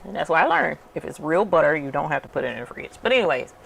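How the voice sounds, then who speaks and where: Woman host, low, gravelly voice, rambling chatty work-vlog talk. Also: big pitch swings, quick pace, fairly bright tone, slight background noise. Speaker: channel host. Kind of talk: casual chat while working.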